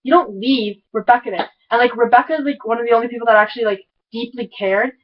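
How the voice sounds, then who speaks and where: A woman giving an excitable, rambling recap of a TV episode, full of "like" and tangents. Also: a little high, quick pace, muffled recording. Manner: excitable, rambling, heavy use of "like". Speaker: TV episode reviewer. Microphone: camera mic.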